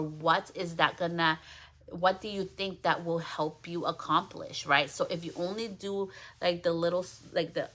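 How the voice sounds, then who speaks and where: A young woman hosting a casual solo business podcast, chatty and animated as she acts out conversations with her salon clients. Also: fairly low pitch. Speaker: podcast host and hairstylist.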